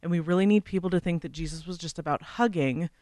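Male co-host, high, smooth voice, earnest and wry, dry sound. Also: fast, darkish tone, no room sound. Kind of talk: casual Christian podcast discussion.

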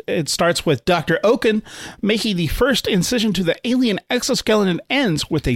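A man's voice: high voice, sing-song, normal speed, dry recording. A man co-hosting a comedic movie podcast, delivering grand, mock-formal introductions. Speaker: podcast co-host.

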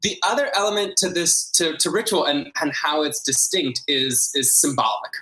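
A man with a bright, forceful voice explains his ideas earnestly, often repeating words for emphasis. He talks as an interview guest. The room around him rings with a noticeable echo. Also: fairly high pitch, lively intonation, normal speed. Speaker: guest, ritual designer. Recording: roomy echo.

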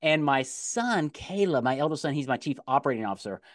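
A middle-aged man hosting a sales podcast interview in a casual, excitable way, often repeating words as he gets going. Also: medium pitch, fairly quick, dry recording, clean studio sound. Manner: animated, laughs easily, repeats words when excited. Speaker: podcast host.

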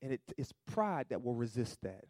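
A man preaching a sermon, asking the congregation for amens, swinging between loud emphatic peaks and low asides. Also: big pitch swings, moderate pace, no echo. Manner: call-and-response preaching, rising to loud emphatic peaks then dropping low; acts out quoted voices in asides. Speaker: pastor.

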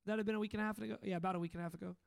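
A young male speaker with a noticeably high voice delivers a loose, conversational sermon. He tells stories with excitement and breaks into easy laughs. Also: rapid-fire, creaky. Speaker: speaker at a training school. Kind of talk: informal sermon talk.

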